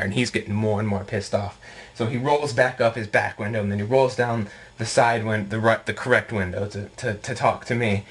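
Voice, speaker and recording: Young guy vlogging, lowish voice, rambly and animated with tons of likes and ums. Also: breathy edge. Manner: rambling, animated, full of fillers. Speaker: video blogger. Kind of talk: casual storytelling.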